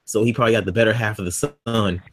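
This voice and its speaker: Loud teasing man, podcast co-host. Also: fairly low pitch, steady tone, fast talker, poor audio. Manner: loud, teasing, swears a lot. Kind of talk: casual chat.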